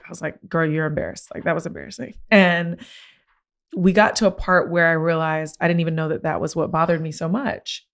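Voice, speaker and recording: A woman hosting a podcast, telling a personal story in a candid, slangy way, her voice climbing when she gets worked up. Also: vocal fry. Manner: animated, rising pitch when excited; casual, slangy. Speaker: podcast host.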